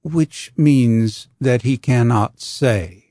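A man's voice: medium pitch, drawn-out words, dark tone, dry recording. A man voicing a curt, dry-witted senior male astronomer in a storybook reading. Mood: wry. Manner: curt, wry.

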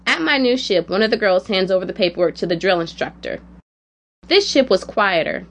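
A woman's voice: mid-range voice, big pitch swings, fairly quick, creaky, fairly bright tone. Woman telling a personal story. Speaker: narrator.

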